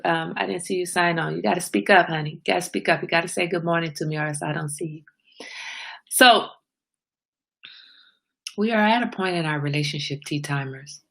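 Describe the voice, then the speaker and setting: A woman with a low-pitched, gravelly voice hosts a casual morning livestream. She chats loosely, greets viewers by name, and reads their comments aloud. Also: fairly bright tone. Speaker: livestream host.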